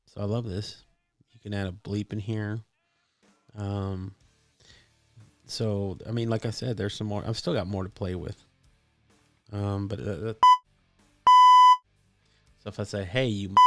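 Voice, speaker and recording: A man's voice: on the low side, flat delivery, measured pace, pauses often, over music. A man hosting a casual live stream, chatty and enthusiastic with many fillers, his mic voice processed for added depth. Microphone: desktop microphone with voice processing.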